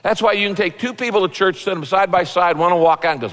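A pastor preaching a sermon in a relaxed, folksy, conversational way, acting out little quotes as he goes. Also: high-pitched, racing, hardly any pauses, big-room sound.

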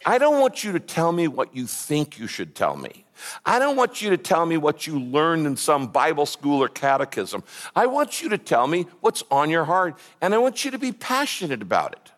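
A man's voice: a little high, big pitch swings, moderate pace. A man voicing God as an earnest male deity who pleads for heartfelt prayer, in an echoey hall.

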